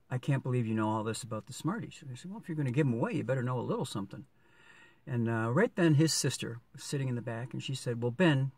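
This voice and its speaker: A man's voice: medium pitch, darkish tone. A middle-aged man, a rideshare driver, telling a story casually with many ums and restarts. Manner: chatty, rambling with many ums.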